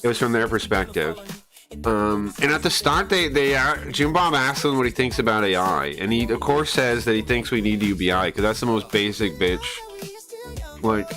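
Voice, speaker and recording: A man's voice: fairly low pitch, animated, normal speed. A young man streaming live, ranting casually and heatedly with lots of swearing, rambling and restarting his sentences. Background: faint music.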